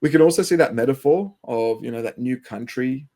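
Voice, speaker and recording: A man's voice: medium pitch, fairly quick, mellow. A man with a Western Sydney Australian accent, an English teacher co-hosting a podcast, talking casually and rambling with many fillers and restarts. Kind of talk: casual educational podcast chat.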